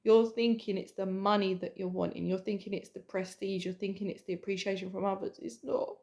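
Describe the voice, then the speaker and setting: A woman spiritual coach giving an emotional, earnest sales pitch, repeating herself and speaking intimately to the listener. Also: flat delivery, a little fast, gravelly, darkish tone. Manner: earnest, repetitive, swears casually; addresses the listener intimately as hun and babe.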